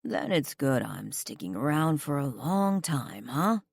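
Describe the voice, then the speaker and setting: Female narrator playing a cursing rock star father, lowered voice, slow and steady delivery, audiobook. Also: dry recording, studio quality, exaggerated voice. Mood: soft, firm. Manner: soft and gentle with his child, blunt and cursing in arguments. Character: gruff young male rock star, protective dad.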